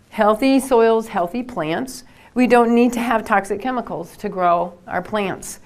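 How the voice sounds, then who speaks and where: An older woman from Minnesota with a Minnesotan accent, a soil scientist giving a lecture, emphatic and slowing down to stress her points. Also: a little high.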